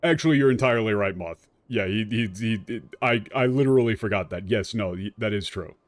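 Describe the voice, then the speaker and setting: A man streaming a game, talking casually and ranting in an animated way with frequent restarts. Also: on the low side, fairly quick, no echo. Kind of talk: casual commentary while playing.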